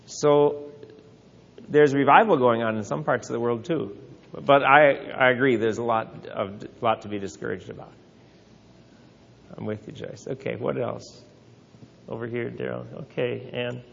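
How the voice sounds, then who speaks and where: A man's voice: mid-range voice, unhurried, creaky, pauses often, in a large hall, highs cut off. A man teaching a Bible class in a conversational way, asking rhetorical questions and taking questions from the group.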